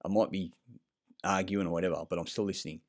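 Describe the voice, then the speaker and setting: A man's voice: sits low, fairly even intonation, quick pace. A man talking in a rambling vlog monologue, blunt and profane, full of fillers and restarts. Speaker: vlogger. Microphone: self-recorded clip.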